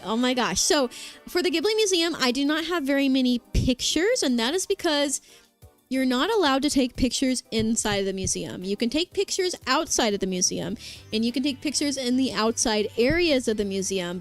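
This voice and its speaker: A bubbly woman streaming and chatting casually with her viewers, her voice pitched a little high. She rambles along with plenty of fillers and restarts, and quiet music plays underneath. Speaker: vtuber streamer. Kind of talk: casual chat with live chat. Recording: faint background music.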